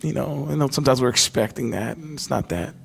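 A man preaching a sermon as pastor, impassioned, dropping to a hush when he quotes. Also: medium pitch, fast, gravelly. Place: church sanctuary.

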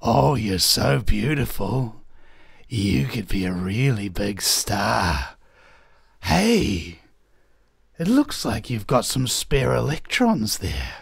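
A man voicing a sinister free radical who flatters a cell with slow, oily, wheedling words. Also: fairly low pitch, creaky, slightly rough, no room sound, studio quality, voice pushed down, exaggerated voice.

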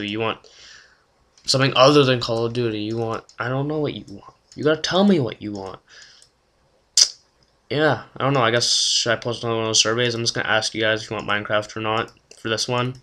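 A man's voice: fairly low pitch, bright, forceful tone. A young man with a gaming channel, casually talking to his viewers in a rambling, hesitant way with lots of fillers.

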